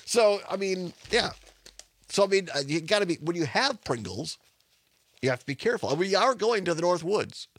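A man's voice: high voice, big pitch swings, a little fast, husky. A man hosting a radio talk show, chatty and rambling, laughing often. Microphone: studio microphone.

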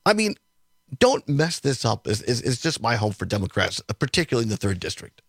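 A man's voice: medium pitch, very animated, brisk, fairly bright tone, breathy edge, dry recording. A man hosting a casual political talk radio show, rambling and repeating words, with frequent chuckles. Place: radio studio.

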